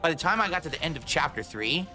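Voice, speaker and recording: A man's voice: on the high side, animated, fast, sharp tone, faint music behind. A man, a gaming streamer, ranting angrily about games he played, swearing often and sounding fed up. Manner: angry, swearing, exasperated rants. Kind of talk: ranting game review over gameplay clips.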